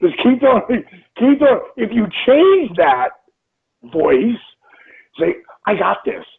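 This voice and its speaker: A man in his sixties, an interview guest, speaks motivationally and emphatically, repeating phrases and acting out inner voices. His voice is extremely high and sing-song, slow, with vocal fry and slight roughness, heard over a tinny phone-like line.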